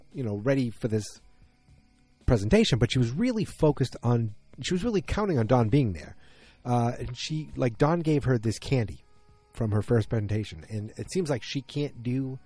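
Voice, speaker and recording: A man's voice: mid-range voice, mellow. A man from Massachusetts giving a rambling, casual recap of a TV episode, acting out characters' lines in little voices.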